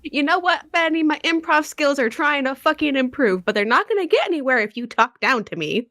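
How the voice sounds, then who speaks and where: A woman's voice: high voice, animated, brisk, pushed and bright, exaggerated voice. A woman voicing a cheerful, playful young woman, chatty and upbeat in her own voice.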